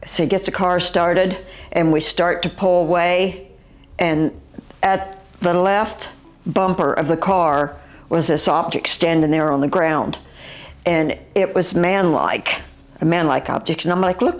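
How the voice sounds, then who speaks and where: An older woman with a West Virginian accent, recounting her own encounter as an eyewitness in a halting, vivid way, with fillers and restarts. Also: on the low side.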